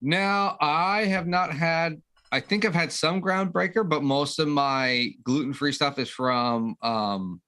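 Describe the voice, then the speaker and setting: A man's voice: fairly high pitch, slow, few pauses, pushed and bright. A man co-hosting a casual podcast over a video call, rambling and easily amused. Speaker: co-host.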